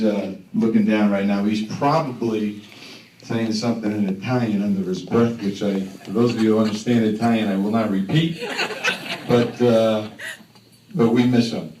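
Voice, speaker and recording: A middle-aged man in his fifties giving a rambling, emotional thank-you speech as an honored mayor, stammering and joking. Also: lowish voice. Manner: warm, rambling, stammering restarts, joking asides. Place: banquet hall. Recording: echoey hall from far off, faint noise.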